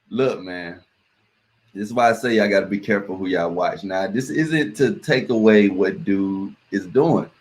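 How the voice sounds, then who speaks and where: A man's voice: on the low side, measured pace, pauses often. A man hosting a reaction video, talking casually and emphatically to his viewers and repeating words for stress. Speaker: reaction channel host.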